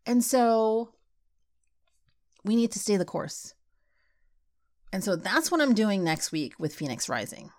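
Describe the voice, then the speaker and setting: A middle-aged woman hosting a podcast, talking casually and getting animated and worked up as she goes. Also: mid-range voice, unhurried, long pauses. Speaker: podcast host.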